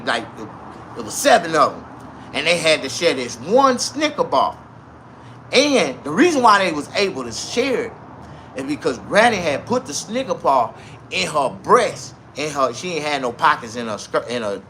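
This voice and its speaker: A man telling a crude comedic story in an animated, repetitive way, laughing at his own tale. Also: on the high side, a little hiss or hum.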